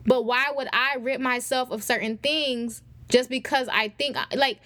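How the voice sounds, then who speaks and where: Young woman podcast host, higher voice, casual faith teaching with a direct "y'all" delivery, close dry mic. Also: fairly even intonation, moderate pace, fairly bright tone, no room sound. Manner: conversational preaching, addresses listeners as y'all. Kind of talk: faith-based teaching talk.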